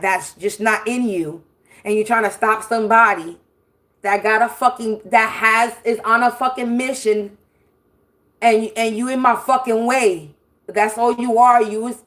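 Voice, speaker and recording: A woman with a fairly high voice rants on her livestream, swearing often and circling back to the same phrases. She sounds confrontational and fired up, and laughs now and then mid-sentence. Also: fairly bright tone. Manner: profane, confrontational, repetitive. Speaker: spiritual livestream host. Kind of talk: ranting livestream monologue.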